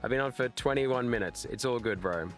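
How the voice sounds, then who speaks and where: A man's voice: medium pitch, brisk, fairly bright tone, faint music behind. An Australian man, a live streamer, chatting casually with his viewers and reading chat aloud, laughing and swearing freely.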